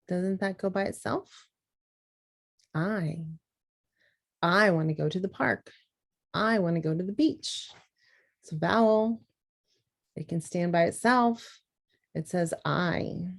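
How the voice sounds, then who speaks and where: A woman's voice: fairly low pitch, slow, gravelly, long pauses. A woman giving a patient phonics lesson to teachers, sounding out words as she writes. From Southern US.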